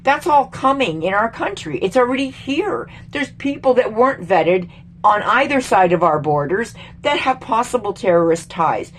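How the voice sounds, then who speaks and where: A woman's voice: fairly high pitch, big pitch swings, normal speed. A middle-aged woman from Canada, a vlogger, ranting angrily about politics to camera with lots of swearing and exasperation. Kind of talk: angry political rant to camera.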